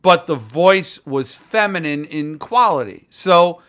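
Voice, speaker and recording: A man's voice: fairly high pitch, lively intonation, slow, fairly bright tone, clean tone. A man hosting a casual live stream about books, rambling and joking as he reacts to chat comments. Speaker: booktuber host.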